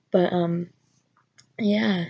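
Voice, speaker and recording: Nervous young woman with a gravelly voice. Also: lowish voice, lo-fi sound. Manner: nervous, rambling with many fillers. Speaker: vlogger. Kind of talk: personal storytelling vlog.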